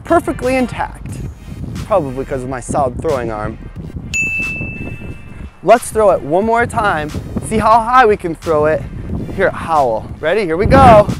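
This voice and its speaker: A man's voice: sits high, normal speed, long pauses, over music. A man hosting a children's educational show outdoors in a windy field, bubbly and goofy, talking straight to the young viewers. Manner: bubbly, goofy and animated, talks to viewers directly. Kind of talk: kids' educational show presenting.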